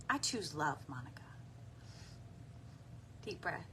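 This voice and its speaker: A woman guides a tapping meditation at a very slow, gentle pace. Her fairly low voice has a bright, clear edge, and a faint hum sits behind it. She pauses often for deep breaths and audible sighs. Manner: soft, unhurried, with frequent deep breaths and sighs.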